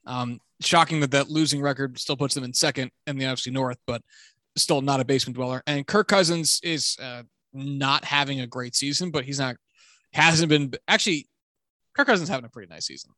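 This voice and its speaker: A man's voice: medium pitch, brisk, sharp tone, dry recording, studio quality. A man co-hosting a casual sports podcast, chatty and self-deprecating, with joking trash talk. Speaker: podcast co-host.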